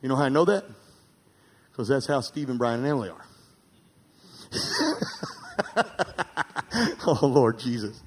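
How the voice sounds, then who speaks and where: A man preaching a sermon as pastor, calling for amens and swinging from emphatic, near-shouted peaks to quiet asides. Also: medium pitch, sing-song, slow pace, long pauses, slightly rough. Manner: calls for amens from the congregation.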